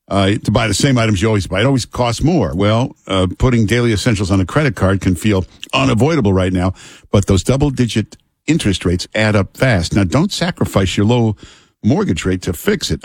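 A man hosting talk radio, reading ads and chatting in a relaxed, halting way full of fillers. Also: on the low side, dry recording. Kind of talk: talk radio with live ad reads. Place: radio studio. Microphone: studio microphone.

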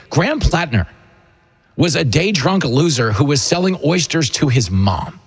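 Raspy, lively-voiced male radio host. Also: a little high, unhurried. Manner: mocking, joking banter. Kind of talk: casual radio talk.

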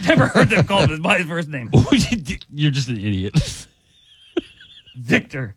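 A man's voice: on the high side, very animated, measured pace, a bit bright, husky. A man co-hosting a radio-style show, joking and laughing in disbelief at a caller's mistake. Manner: laughing, incredulous, mocking. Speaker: co-host. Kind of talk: casual joking banter.

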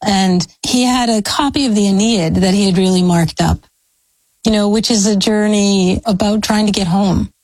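A woman's voice: medium pitch, moderate pace, a little mellow, no echo, rough recording. American woman historian talking things through, expansive, dry close sound. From United States. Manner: thoughtful, expansive, academic. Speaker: historian, guest. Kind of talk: interview answers. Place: speaking from a law school.

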